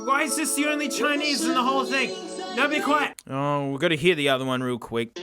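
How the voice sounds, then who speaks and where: An excitable man with a raspy, hoarse voice reviews a gadget in mock-dramatic bursts. His voice sits high and swings wildly up and down, with faint music underneath. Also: fairly quick. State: hoarse from yelling. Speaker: tech reviewer host. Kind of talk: casual gadget unboxing review.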